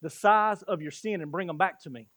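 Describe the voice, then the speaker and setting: A preacher giving voice to an old rabbi who speaks calmly and patiently, like a teacher setting a task. His voice sits a little high and comes across dry and close. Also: fairly quick, no room sound. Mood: instructive.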